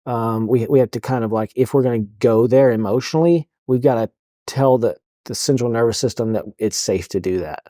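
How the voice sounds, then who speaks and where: A man who counsels police officers chats casually in a podcast interview, speaking haltingly with plenty of fillers and restarts. His mid-range voice has a dark tone, captured in a dry, studio-quality recording.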